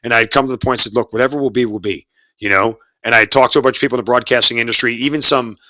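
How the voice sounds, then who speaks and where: Talkative man with a bright, dry voice. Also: medium pitch, fairly even intonation, racing, no echo. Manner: talkative, earnest, repeats words while searching. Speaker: guest, army officer and broadcaster. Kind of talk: casual interview storytelling. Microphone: studio mic.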